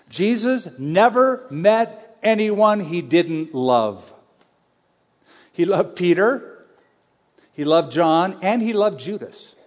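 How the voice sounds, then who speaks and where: A male pastor preaching a sermon, conversational and emphatic, swinging between loud and hushed. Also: on the high side. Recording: long reverb of a large hall.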